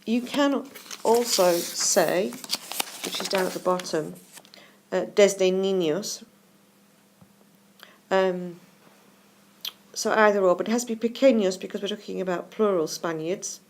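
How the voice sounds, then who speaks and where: Casting note: woman teacher, mid-pitched, patient and methodical, slows and leans on key words while explaining exam answers. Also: slight background noise.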